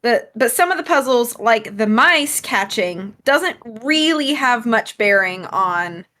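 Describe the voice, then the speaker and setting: A woman's voice: a little high, expressive, takes it slowly, pushed and bright. A young woman chatting casually while live-streaming a game, easygoing and laughing between thoughts. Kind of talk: casual let's-play chat.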